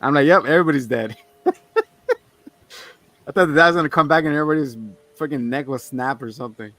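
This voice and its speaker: A man co-hosting a casual movie-review chat, retelling scenes with lively, swearing banter. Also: fairly high pitch, normal speed, no room sound. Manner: animated retelling of film scenes, frequent laughs and swearing. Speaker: podcast co-host.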